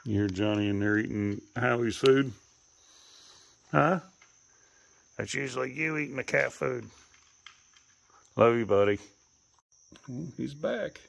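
A man filming his pets and talking to them casually, coaxing and scolding, and jumping into high baby talk. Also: a little slow, creaky, pauses often. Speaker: pet owner filming his animals.

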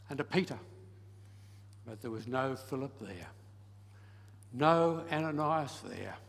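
A man preaching a sermon and telling a story, swinging from loud emphasis to soft, hushed lines. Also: fairly high pitch. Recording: long hall reverb.

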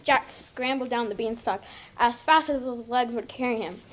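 A woman reading a picture book aloud in a lively way. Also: fairly high pitch, normal speed. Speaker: story reader.

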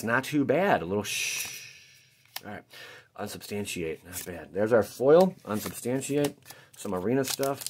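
A man hosting his channel, chatting casually while opening card packs, rambling and jokey with sudden excited outbursts. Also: fairly low pitch, a little hiss or hum.

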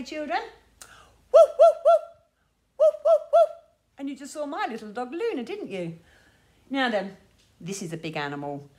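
A woman leading a sing-along class for young children in a lively, sing-song way. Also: on the high side. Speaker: children's music class teacher.

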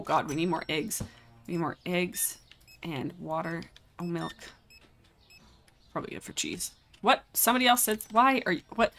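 A woman's voice: fairly low pitch, a bit bright, a little hiss or hum. Chatty young woman streaming a game. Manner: chatty, exclaims often, talks to chat. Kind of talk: casual live game commentary.

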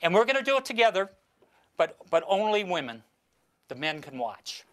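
Older guy doing magic patter on stage, kinda high voice, bossing volunteers around nicely. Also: sing-song, moderate pace. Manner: chatty, instructive, gently teasing the volunteers. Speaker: magician performing for an audience. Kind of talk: archival stage performance with patter.

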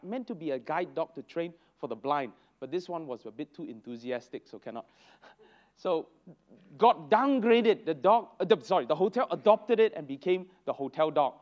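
A man teaching a church Sunday school lesson, telling stories with lively exclamations. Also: on the high side. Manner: animated storytelling with exclamations. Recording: dull lo-fi recording.

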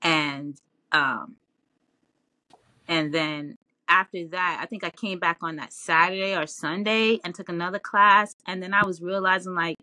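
A woman guest in a casual interview, telling her story in an animated way with lots of laughs and fillers. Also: lowish voice, a little slow, dry recording. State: tearful, near crying.

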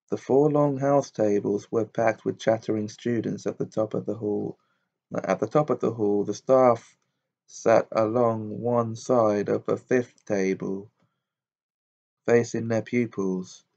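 Low-pitched man narrating a storybook, steady reading, dull lo-fi recording. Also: unhurried, vocal fry. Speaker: audiobook reader.

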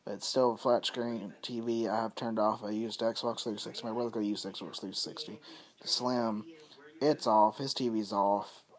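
A man's voice: fairly low pitch, fairly even intonation, moderate pace. A man vlogging from his home, telling a long story in a loose, rambling, profane way and repeating himself often, recorded on a phone camera. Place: at home, indoors.

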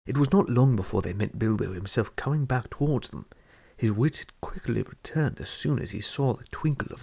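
A man narrating a fantasy storybook chapter in a measured reading voice. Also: mid-range voice, creaky, dark tone. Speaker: audiobook reader.

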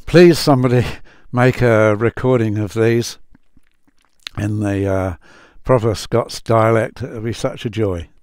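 Man, low voice, very slow, thoughtful, fillers, reads verses aloud, dry close sound. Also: a little mellow, no room sound. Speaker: Bible translator and podcaster. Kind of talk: reflective Bible talk.

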